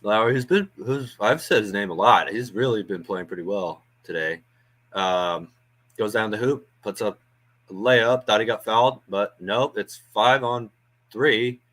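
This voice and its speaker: A man with a lowish voice calls a basketball game in casual play-by-play for a home stream. He thinks aloud as he goes, chatty and loose, with plenty of ums and uhs between plays. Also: unhurried, a bit bright. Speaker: watch-along host doing play-by-play. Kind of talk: casual live play-by-play commentary. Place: home watch-along stream.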